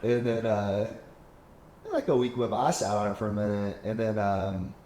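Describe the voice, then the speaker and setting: Low-voiced man telling stories in an echoey room. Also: normal speed, warm tone. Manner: rambling storyteller, acts out quoted talk. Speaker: podcast host. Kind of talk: casual chat. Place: penthouse apartment. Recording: echoey room, faint background hum.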